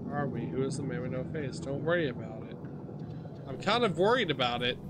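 A man's voice: medium pitch, animated, a little fast, heavy background noise. A man commentating on his own horror game play, jumpy and swearing, talking back to the characters on screen. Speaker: gaming streamer.

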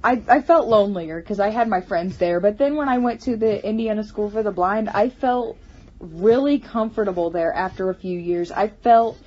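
A woman talking in a casual personal vlog, halting with many restarts and stammers. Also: mid-range voice, darkish tone. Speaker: vlogger. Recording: slightly muffled home recording.

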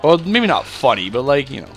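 A man's voice: medium pitch, very animated, fairly quick, fairly bright tone, soft background music. A young man from Canada rambling through casual gameplay commentary, full of fillers and self-deprecating asides. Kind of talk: casual let's-play commentary.

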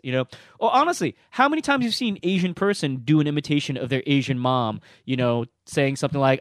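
A man's voice: mid-range voice, animated, fast talker, no echo, studio quality. A man, a stand-up comedian, giving casual direct-to-camera advice to new comics, emphatic and often checking in with "okay?". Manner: emphatic, repeats "okay?" to drive points home.

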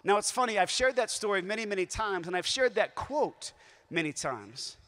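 A man speaks to a youth conference, telling stories with lively, shifting emphasis. His voice sits high for a man. Long reverb from the large hall trails each phrase. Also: normal speed.

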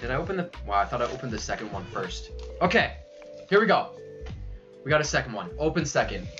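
A young man livestreaming a card unboxing, excitable and loud, saying yo over and over and laughing as he goes. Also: mid-range voice, quick pace, lo-fi sound, faint music behind. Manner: hyped, keeps saying yo, yells and laughs. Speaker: streamer unboxing trading cards. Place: his room at home.

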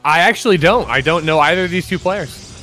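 Bright-voiced man, upbeat. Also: fairly high pitch, quick pace, faint music behind. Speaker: co-caster. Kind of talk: casual game commentary.

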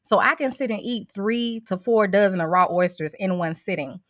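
A woman's voice: mid-range voice, moderate pace, dry recording. Woman, folksy, easygoing, says honey a lot, dry close sound. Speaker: guest cook. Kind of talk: casual chat on a video call.

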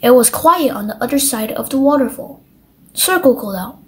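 A woman reading a children's picture book aloud as a bedtime story, gently and at a measured pace. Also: a little high, expressive.

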